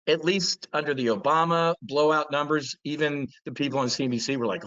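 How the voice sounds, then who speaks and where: A man's voice: a little high, a little fast, hardly any pauses, fairly bright tone, no echo, highs cut off. A man hosting a trading show, delivering blunt, profane market commentary with mocking impressions.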